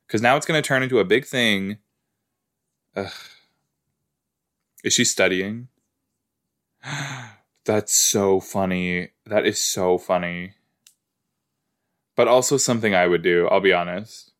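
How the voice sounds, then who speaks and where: A man with a fairly low voice talks unhurriedly through a casual watch-along, reacting aloud to what he sees on screen. He drifts into rambling asides and thinks out loud as he goes. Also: takes it slowly, long pauses. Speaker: podcast host.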